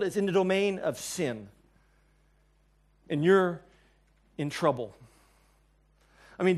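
A man preaching a sermon as pastor, conversational and emphatic, with quick asides to his listeners. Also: on the high side.

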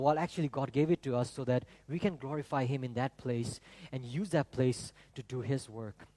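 A man preaching a sermon to his congregation, animated and rhetorical, asking them questions. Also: mid-range voice. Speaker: pastor. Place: church.

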